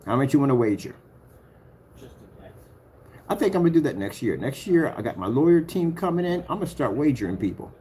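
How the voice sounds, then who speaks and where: A man's voice: medium pitch, very animated, a little fast, pauses often, warm tone, slight background noise. A man, rambling and boastful as he scrolls through his own demos, humming filler sounds and challenging rivals. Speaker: projector screen paint maker. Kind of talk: rambling screen-recording vlog.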